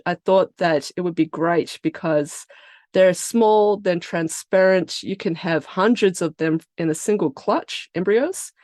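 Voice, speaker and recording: A woman's voice: fairly low pitch, a little mellow, no room sound. Australian woman explaining at a dry mic. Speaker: biotech company founder and CEO. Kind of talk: podcast interview answers.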